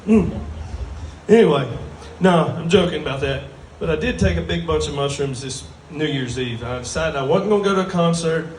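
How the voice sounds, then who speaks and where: A man's voice: a little high, moderate pace, darkish tone, slight background noise. A man with a drawl doing a crude, self-mocking stand-up set on a bar stage before a live crowd. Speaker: stand-up comedian. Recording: roomy bar sound from a distant mic.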